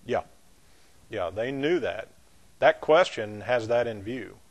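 A man's voice: medium pitch, lively intonation, slow pace, breathy edge. A pastor, a man, teaching a Bible class in a loose, conversational way, with restarts and asides to his students. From not from the American South.

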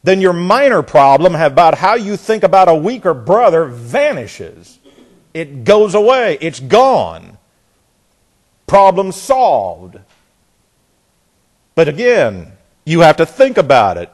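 A man teaching from the Bible in a sermon, often repeating words as he searches and slowing down hard to stress key phrases. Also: a little high, sing-song. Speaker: preacher.

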